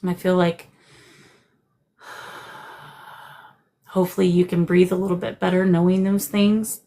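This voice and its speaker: A woman hosting a live stream as a psychic medium, speaking gently and soothingly and calling her guests darling. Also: lowish voice, little pitch movement, slow, low-quality recording. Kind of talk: live-stream spirit reading.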